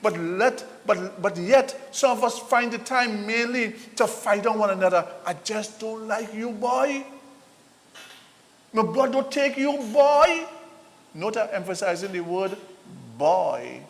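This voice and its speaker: A man's voice: high voice, a bit bright. A man hosting a live talk show, preaching and firing off rhetorical questions. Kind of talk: impassioned live commentary. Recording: long hall reverb.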